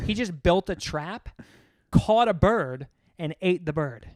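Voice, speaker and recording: A man's voice: fairly high pitch, expressive, a little slow, dry recording, clean studio sound. A young man co-hosting a casual podcast chat, telling rambling stories and swearing often. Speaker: podcast co-host.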